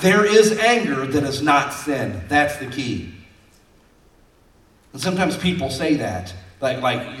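A pastor with a slightly high voice gives a conversational, folksy sermon in a church sanctuary, weaving personal stories into scripture. He's recorded from a distance, giving a roomy sound.

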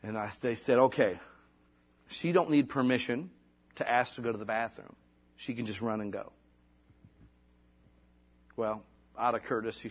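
A man's voice: mid-range voice, moderate pace, long pauses, slightly rough. A middle-aged man preaching a sermon in a casual, folksy way, full of asides and restarts. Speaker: pastor.

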